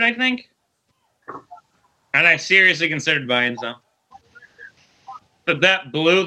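A man co-hosting a casual podcast, watching wrestling and trading animated, profane banter with friends. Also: a little high. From Vermont. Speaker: podcast co-host. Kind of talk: casual watch-along chat.

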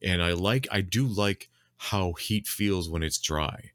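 A man's voice: sits low, slow, fairly bright tone, no echo. A man in casual conversation, talking in a reflective, rambling way with many fillers. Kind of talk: casual chat.

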